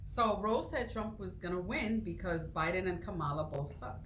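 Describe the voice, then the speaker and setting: A woman's voice: lowish voice, animated, fairly bright tone, echoey room, a little hiss or hum. A woman with a New York accent co-hosting a podcast, chatting in an opinionated, questioning way. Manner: opinionated, questioning, quick rising outbursts. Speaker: podcast co-host. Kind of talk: casual podcast chat.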